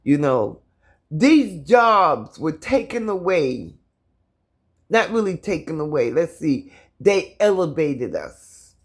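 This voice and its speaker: Husky middle-aged woman on her phone at home, fighting back tears, preaching hard at her viewers. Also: low-pitched, very animated, slow pace. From United States. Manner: impassioned, repetitive, addresses viewers directly. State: holding back tears, stuttering. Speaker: vlogger. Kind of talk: emotional personal video. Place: her apartment, indoors.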